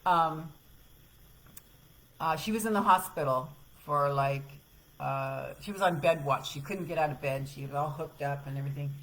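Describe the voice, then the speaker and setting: A middle-aged woman hosts a live self-help show, rambling casually with viewers through a personal story, with laughs and the odd swear word. Her voice is deep and a bit bright, at a moderate pace, and the audio is poor.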